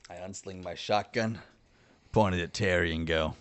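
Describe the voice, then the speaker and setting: A man playing a tabletop game, describing his character's actions with animated energy. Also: deep voice, moderate pace. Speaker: player.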